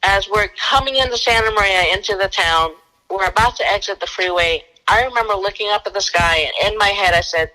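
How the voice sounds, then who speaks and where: A woman recounts her experiences in relaxed conversation. Her voice sits in a middle range with a bright, sharp edge. She animates her account, leaping up in pitch whenever she acts out someone else's lines. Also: a little fast, rough recording. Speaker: guest, former bounty hunter. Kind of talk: conversational storytelling.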